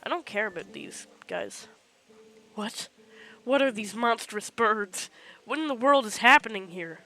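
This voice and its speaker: A cheeky little imp girl taunts with a sing-song lilt, her tone sharp and bright and sliding all over the place. She sounds sly and playful, never quite serious, voiced by a woman during a game playthrough. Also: on the high side, animated, a little slow, full character voice, rough recording. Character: mischievous female imp, teasing and sly. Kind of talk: fan voice acting over gameplay.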